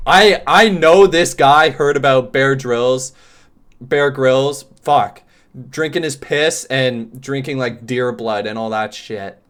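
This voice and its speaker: A young man reacting to a video for his stream viewers. His casual commentary swings into loud, profane exclamations, and his voice sits at an ordinary mid pitch. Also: slow, a little hiss or hum.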